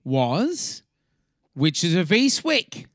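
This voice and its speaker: A man's voice: high-pitched, wildly swooping pitch, extremely slow, a bit bright, dry recording, clean studio sound. An Australian man co-hosting a podcast, chatting casually, swearing freely and laughing often. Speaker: podcast co-host. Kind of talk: casual chat.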